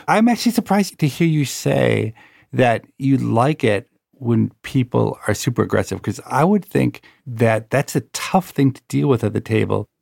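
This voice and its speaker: A man with a gravelly, creaky voice tells a personal anecdote with wry storytelling. His voice sits in the middle range and is recorded dry and close. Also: medium pitch, expressive, normal speed, a little mellow, no room sound. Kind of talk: conversational storytelling.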